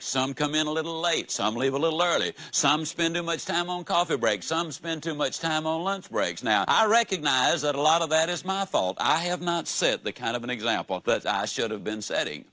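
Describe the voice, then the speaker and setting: A man voicing a quick-tempered male company boss who turns indignant when things go wrong, told as part of a spoken story. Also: fairly high pitch, expressive, pushed and bright. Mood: earnest. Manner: indignant, shifting from pep talk to angry tirade.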